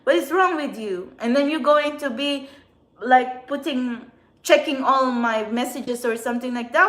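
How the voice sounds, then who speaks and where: Woman, higher voice, agitated, swearing, venting monologue, roomy echo. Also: unhurried. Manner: agitated, swears often, swings between quiet and loud. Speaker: spiritual channeler and tarot reader. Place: outdoors in a city.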